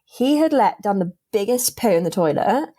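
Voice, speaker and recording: A woman's voice: mid-range voice, normal speed. A young woman, a podcast guest telling a dating story in casual chat and acting out the lines of the people in it. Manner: animated storyteller, acts out quotes.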